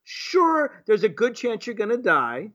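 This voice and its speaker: A man from Virginia hosts sarcastic live political commentary, firing off mocking rhetorical questions. His pitch swings widely and his tone is bright and sharp. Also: wildly swooping pitch, a little slow, lo-fi sound. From Virginia, USA.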